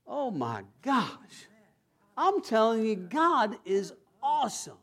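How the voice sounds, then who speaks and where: Emphatic, slow-speaking preacher with a lively swinging voice. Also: medium pitch, husky. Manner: emphatic, rising to loud exclamations of praise. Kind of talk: sermon.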